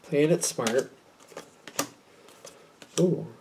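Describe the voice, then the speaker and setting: A man's voice: a little high, extremely slow, vocal fry, background noise. A man doing a casual tarot card reading, chatty and thinking aloud with many fillers. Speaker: tarot reader.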